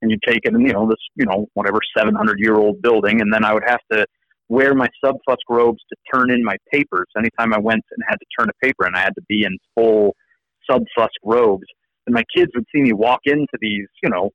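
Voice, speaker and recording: A man with an American accent, a law professor guest telling stories in an animated, restarting way. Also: medium pitch, brisk, vocal fry, no echo, highs cut off. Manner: animated, repeats words as he restarts. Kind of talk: casual storytelling interview.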